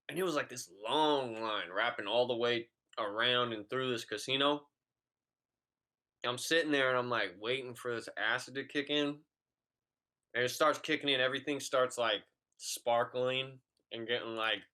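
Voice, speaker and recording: A man's voice: medium pitch, sharp tone. A young man co-hosting a podcast, telling a story in a laid-back, profane, rambling way. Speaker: podcast co-host. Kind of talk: casual chat, storytelling.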